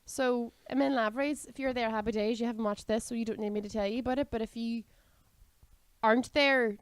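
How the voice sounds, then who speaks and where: Young Northern Irish woman, brisk comedy podcast co-host, slightly high voice, dry close sound. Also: steady tone, clear, resonant tone, no echo. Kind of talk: casual podcast chat.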